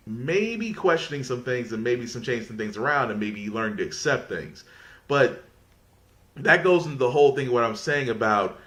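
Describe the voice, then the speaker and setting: Bright-voiced man hosting a podcast. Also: mid-range voice. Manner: conversational, rambling with restarts. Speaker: podcast host. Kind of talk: casual podcast monologue.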